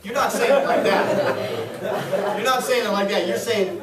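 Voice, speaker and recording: Speaking at normal speed with long pauses, a man with a high voice runs a live sales training talk for a small audience. He's upbeat and coaching, regularly checking whether people follow. A crowd can be heard behind him, and the echoey room puts his voice a little far away.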